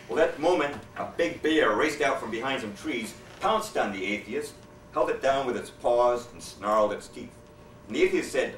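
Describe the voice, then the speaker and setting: Man, mid-pitch, deadpan joke-teller voicing his characters; roomy hall, distant mic, faint noise. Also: moderate pace. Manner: deadpan storyteller who acts out quoted characters. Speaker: speaker telling jokes. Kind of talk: joke telling to a live audience. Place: lecture hall with an audience. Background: audience laughter.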